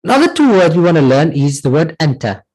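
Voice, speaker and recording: A man's voice: on the high side, very animated, fast, a little mellow, breathy edge, rough recording. A man teaching an Arabic class, patiently repeating words and checking in with "right?" as he explains. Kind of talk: online class lesson.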